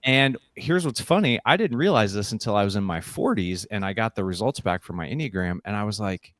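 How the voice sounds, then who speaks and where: A man's voice: fairly low pitch, animated, fairly quick, a bit bright, no room sound, clean studio sound. A middle-aged man who is a guest on a podcast interview. He tells stories with energy and acts out the voices he quotes. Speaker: guest, keynote speaker and leadership coach.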